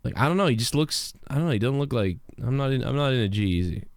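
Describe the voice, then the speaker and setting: A man's voice: medium pitch, expressive, fast, no room sound, studio quality. A man hosting a livestream show, ranting in a brash, profane, rambling way. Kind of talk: ranting live commentary.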